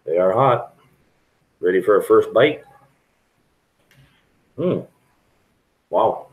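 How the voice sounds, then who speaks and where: A man's voice: fairly low pitch, expressive, slow pace, low-quality recording. A middle-aged man chatting frankly and rambling to viewers on a live stream from a restaurant. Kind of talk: casual live stream chat.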